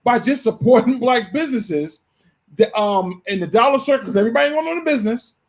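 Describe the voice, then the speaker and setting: A man's voice: very high-pitched, animated, a little fast. A man hosting a talk show, arguing his point and pressing the others with pointed questions. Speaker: radio show host. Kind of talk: heated casual debate.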